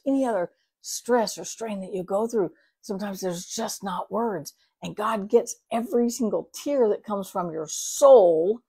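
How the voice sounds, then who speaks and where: A middle-aged woman hosting a morning devotional, speaking earnestly and expressively, sometimes dropping to a soft whisper. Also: medium pitch, husky. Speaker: devotional host.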